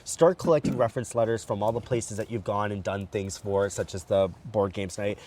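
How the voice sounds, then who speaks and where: A man's voice: lowish voice, fairly quick. A man as a guest, frankly telling his story while walking outdoors at night. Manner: animated and frank, acts out quotes. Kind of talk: candid personal storytelling. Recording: distant mic, faint outdoor noise.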